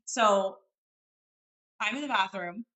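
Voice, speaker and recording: A woman co-hosting a podcast, telling a story in a casual, animated way and quoting herself. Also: medium pitch, slow. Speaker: podcast co-host.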